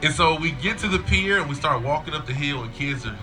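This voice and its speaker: A man's voice: on the high side, expressive, brisk. Man giving a graduation speech, music behind. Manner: storytelling, acts out a child's whiny voice in quotes.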